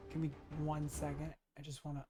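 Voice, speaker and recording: Chatty, mellow-voiced game streamer. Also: mid-range voice, monotone, a little fast, faint music behind. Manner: chatty, filler-heavy, answers chat. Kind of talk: casual chat while gaming.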